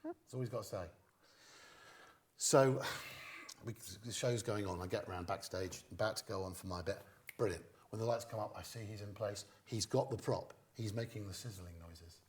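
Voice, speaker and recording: Man, middle-aged, guest comedian, lively anecdotes, lowish voice, slight hiss behind. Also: normal speed. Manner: lively storyteller who acts out quoted lines. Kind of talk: anecdotal storytelling in an interview.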